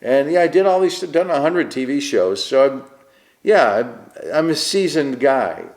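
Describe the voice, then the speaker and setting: In a casual interview, a Queens-born stand-up comic with a fairly high voice tells stories at normal speed. He performs them with animation, mimicking the voices of everyone he quotes.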